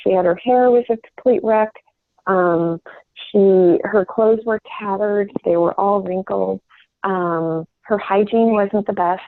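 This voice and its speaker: A woman's voice: mid-range voice, slow, no echo. A middle-aged woman giving a sales coaching talk from home, earnest and rambling, often restarting her sentences. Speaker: sales trainer. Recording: tinny phone line.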